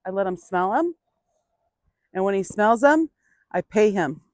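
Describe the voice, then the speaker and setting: A woman trainer gives a hands-on demonstration outdoors. She explains each step to viewers and talks softly and patiently to the animal. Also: mid-range voice, expressive, a little slow, no room sound, clean studio sound. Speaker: burro trainer.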